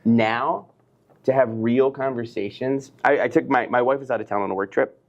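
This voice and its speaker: A man's voice: medium pitch, fairly even intonation, normal speed, highs cut off. A middle-aged man, a business professor, talking earnestly and expressively as a guest in a casual interview.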